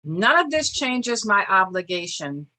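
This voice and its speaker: An older woman with a bright, clear voice talks as an interview guest. She speaks earnestly and measuredly, breaking into short restarts as she reflects. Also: medium pitch, very animated, a little slow. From Boston area. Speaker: interview guest, former state senator.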